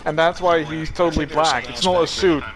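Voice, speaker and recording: A man on a gaming stream tossing off dry, quick quips. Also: fairly high pitch, over music, poor audio. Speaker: stream co-host. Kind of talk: casual chat while gaming.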